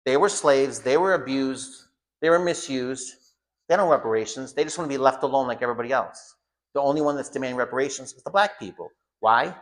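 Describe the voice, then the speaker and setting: A man in the middle of an informal lesson for his students, speaking at an ordinary, mid-range pitch. His delivery is blunt and emphatic. He circles back over his own phrases to drive each point home. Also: a little fast. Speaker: home school teacher.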